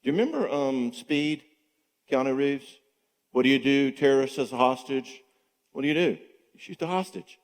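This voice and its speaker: A man's voice: medium pitch, moderate pace. A middle-aged man giving a conversational teaching talk at a marriage conference, acting out spouses' lines. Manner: animated, acts out spouses' dialogue. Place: church hall. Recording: long reverb in a church hall.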